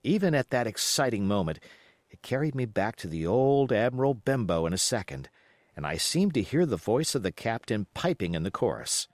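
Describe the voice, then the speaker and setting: A man reading a classic adventure novel aloud as an expressive audiobook narration. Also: mid-range voice, normal speed, dry recording, clean studio sound.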